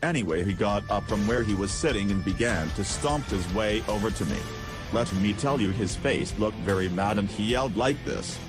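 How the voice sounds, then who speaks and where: A man narrating an absurd comic story in first person, deadpan and goofy. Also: fairly low pitch, moderate pace, music in the background. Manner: goofy, deadpan, absurd humor with silly voices. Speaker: podcast storyteller.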